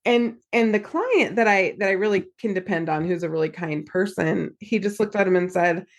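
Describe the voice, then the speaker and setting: A woman's voice: mid-range voice, normal speed. Chatty woman therapist telling stories. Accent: American. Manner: animated storyteller, acts out quotes. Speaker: therapist and podcast host. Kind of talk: casual storytelling chat.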